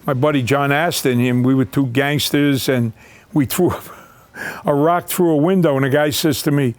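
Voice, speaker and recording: A man's voice: medium pitch, fairly even intonation, moderate pace, smooth, no echo. An older man, a veteran actor, reminiscing in a documentary interview, rambling with fillers and restarts. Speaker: actor recalling his career.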